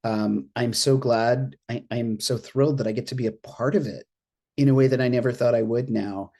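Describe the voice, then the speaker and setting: An interfaith minister talking casually on a panel from their apartment over a video call, chatty and expressive, laughing often. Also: medium pitch, normal speed. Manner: chatty and expressive, laughs often, acts out reactions in quoted asides. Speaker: interfaith minister and board treasurer on an alumni panel. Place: at home in an apartment.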